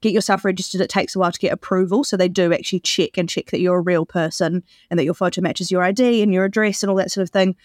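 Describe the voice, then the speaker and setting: A woman's voice: fairly low pitch, fairly even intonation, quick pace, few pauses, a little mellow, no room sound, studio quality. Chatty woman podcast co-host. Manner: chatty, explains at length, laughs often. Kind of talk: casual chat.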